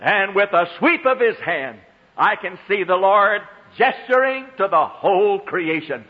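A man preaching a sermon, swinging between hushed low phrases and high ringing exclamations, drawing out scriptural lines in old-fashioned diction. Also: expressive, a little slow. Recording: long hall reverb, dull lo-fi sound.

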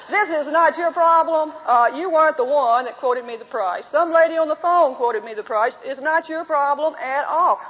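High-voiced woman teaching in a hall. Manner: storytelling, acts out both sides of dialogues. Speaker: women's Bible teacher. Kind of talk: teaching talk to a women's group with anecdotes. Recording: dull lo-fi recording in a reverberant hall.

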